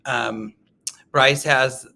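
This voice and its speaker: A man hosting a casual quilting livestream, telling animated stories, laughing often and reading viewer comments. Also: medium pitch, extremely slow, creaky. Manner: chatty, animated storytelling, laughs often, reads live comments.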